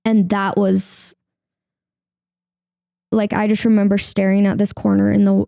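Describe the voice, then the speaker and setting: Young woman with a creaky, warm voice. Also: mid-range voice, completely flat delivery, measured pace, dry recording, clean studio sound. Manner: candid, heavy use of "like", acts out her own past words. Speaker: podcast guest. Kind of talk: emotional personal interview.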